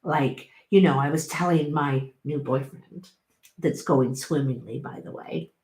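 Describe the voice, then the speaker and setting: A middle-aged woman giving a casual tarot reading, chatty and encouraging, with sudden bursts of excitement. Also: sits low, measured pace. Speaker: tarot reader. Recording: roomy echo.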